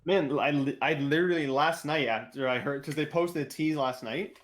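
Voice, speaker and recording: Excitable young man rambling on a podcast. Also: fairly high pitch, normal speed. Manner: excitable, rambling, heavy use of "like". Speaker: podcast co-host. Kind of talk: casual esports podcast chat.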